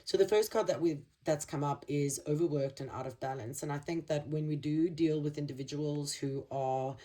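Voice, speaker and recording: A woman giving a spiritual tarot card reading, earnest and halting as she searches for words. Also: low voice, warm tone, far from the mic. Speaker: tarot reader.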